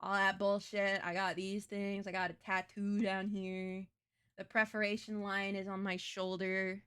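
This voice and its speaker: A woman's voice: mid-range voice, level tone, a little slow, a bit bright, smooth. A young adult woman talks casually on a live stream, swearing freely. She is blunt and self-mocking, with a mid-range voice that is plainly her own. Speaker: VTuber streamer.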